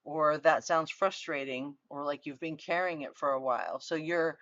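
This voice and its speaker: A woman's voice: low-pitched, steady tone, normal speed, a bit bright, no echo, highs cut off. A middle-aged woman giving a recorded university lecture in an earnest, conversational way, with frequent fillers and restarts.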